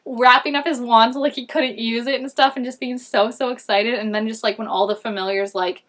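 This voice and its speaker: A woman's voice: fairly high pitch, fairly even intonation, brisk, fairly bright tone. A young woman chatting casually in a fan recap vlog, gushing and rambling with lots of filler words.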